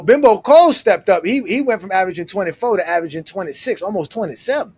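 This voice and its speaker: A man hosts a casual sports chat in a quick, high voice, teasing his guest without letup. He rattles off old stats with playful digs. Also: expressive, darkish tone, faint music behind. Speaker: host.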